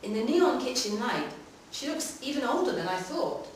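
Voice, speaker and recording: A woman giving a live, measured reading of a short story in a public library room. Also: on the high side, very animated, slight background noise. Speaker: reader. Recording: echoey hall from far off.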